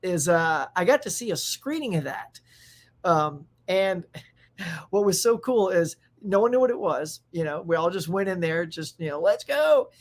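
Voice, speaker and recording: Rambling, excitable male stream host. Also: high-pitched, moderate pace. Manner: rambling and excitable, with frequent restarts and laughs. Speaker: pop culture show host. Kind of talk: casual live-stream chat.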